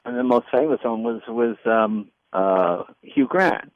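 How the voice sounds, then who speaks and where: An older man with a gravelly, creaky voice tells show-business stories in an interview. He acts out the other people in them as he goes. The sound is dry and a bit dull, like a lo-fi recording. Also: medium pitch, a little slow, no room sound. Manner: animated anecdotes with quoted voices. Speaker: comedian and former talk show host. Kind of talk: storytelling interview.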